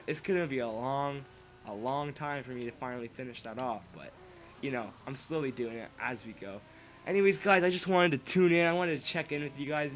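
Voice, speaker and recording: A young man ranting casually to camera as a vlogger. He rambles and swears, jumping from loud outbursts to low muttering. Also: slight background noise.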